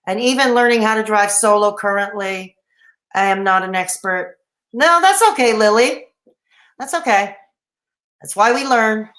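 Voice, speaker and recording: On a rambling late-night livestream, a Canadian woman in her thirties reads out the live chat and answers it. Her voice is medium in pitch and slightly bright, her pace moderate, with long pauses between thoughts. The room she's in is echoey.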